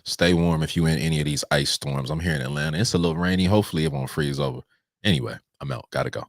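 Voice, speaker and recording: A man's voice: deep voice, very animated, quick pace, gravelly, no room sound, clean studio sound. A man hosting a live pre-market trading stream, talking straight to his viewers with playful, preachy energy. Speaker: trading show host.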